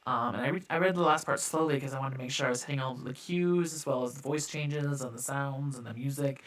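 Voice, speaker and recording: A man narrating a live-streamed improv story with expressive dramatic delivery. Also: medium pitch, quick pace. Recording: echoey reverb with loud music.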